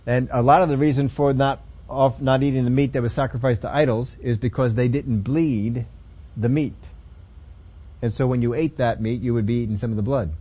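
A man preaching a sermon, emphatic, with sudden loud stressed words between quieter explaining. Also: mid-range voice, steady tone, a little fast, husky.

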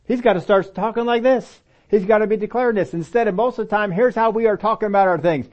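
A male preacher giving a casual, animated sermon, acting out little dialogues and telling stories from his own working life. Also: high voice, fast. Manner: animated, acts out dialogue voices. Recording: dull, lo-fi audio recording.

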